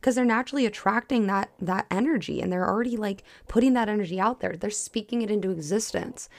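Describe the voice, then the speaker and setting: Gravelly, passionate woman podcaster. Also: mid-range voice, fast, dry recording. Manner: passionate, frequent filler likes and cussing. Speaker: podcast host and spiritual coach. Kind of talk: casual solo podcast monologue.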